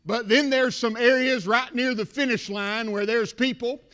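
A male pastor preaching a sermon, building from quiet talk to shouted crescendos. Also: extremely high pitch, fairly even intonation, normal speed, smooth.

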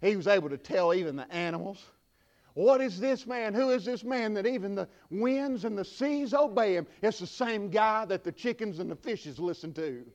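A man preaching a sermon, swinging from hushed asides to shouted peaks. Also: high-pitched, lively intonation, normal speed. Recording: dull lo-fi recording.

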